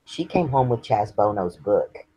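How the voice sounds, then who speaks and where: A man's voice: on the low side, big pitch swings, a little slow, warm tone, breathy edge, no echo, low-quality recording. A man, earnestly sharing his personal story as an interview guest. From Texas. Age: 50s. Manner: earnest, candid and reflective.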